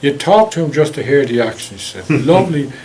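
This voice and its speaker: A man's voice: medium pitch, big pitch swings, brisk, darkish tone, slight background noise, low-quality recording. A man with an Irish accent giving a local history talk with slides, telling stories in a chatty, wry way. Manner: anecdotal, chatty, wry asides.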